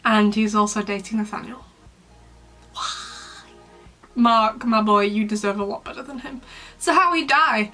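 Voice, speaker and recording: Bright, chatty young woman. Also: medium pitch, measured pace, long pauses, soft background music. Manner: chatty, dramatic, playfully mean. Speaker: YouTuber, host. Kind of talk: casual commentary vlog.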